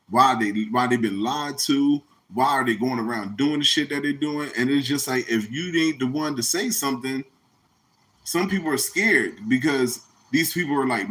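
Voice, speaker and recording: Blunt, bright-voiced podcast host. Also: male voice, on the high side. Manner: blunt, slangy, profane, rambling. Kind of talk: casual commentary.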